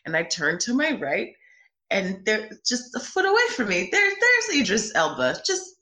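A woman being interviewed about her first film, telling animated stories, laughing often and acting out what people said. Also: mid-range voice, moderate pace, echoey room. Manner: bubbly, laughs often, acts out quoted voices. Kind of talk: animated anecdotal storytelling.

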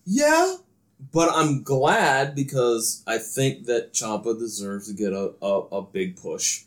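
Running the segment of a laid-back podcast, this male host talks at an unhurried pace in a mid-range voice marked by big swings in pitch. He keeps the chat moving and asks his co-hosts to give their ratings.

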